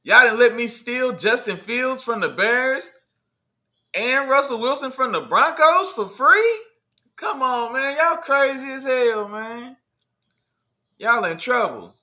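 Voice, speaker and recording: A man hosting a casual sports livestream, talking in loose slang, riffing and answering his chat in an animated way. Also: extremely high pitch, takes it slowly. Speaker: livestream host.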